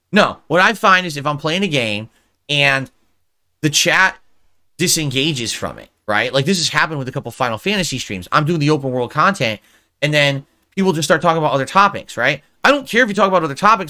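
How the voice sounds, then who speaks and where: A middle-aged man streaming live, reading out viewer suggestions and tearing into them with an irritated, mocking rant. His voice sits a bit high for a man, with a bright, tense edge. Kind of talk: livestream commentary.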